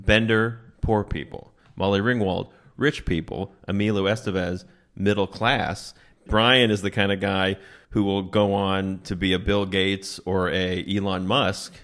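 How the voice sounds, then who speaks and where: A male stand-up comedian recapping a movie to a friend in an animated way, often laughing and acting out lines. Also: low voice, unhurried.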